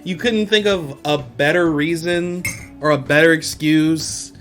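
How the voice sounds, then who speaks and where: A man's voice: on the high side, a little slow, fairly bright tone, soft background music. A man voicing a brash young male street-tough detective in a slangy, dismissive way.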